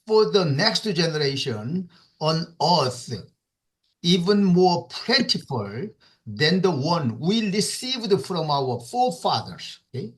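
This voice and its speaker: Slow, repetitive Korean-accented male teacher. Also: on the high side, sing-song, fairly bright tone. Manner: slow, repeats words, many fillers, asks "okay?". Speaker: English teacher. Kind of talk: online English class.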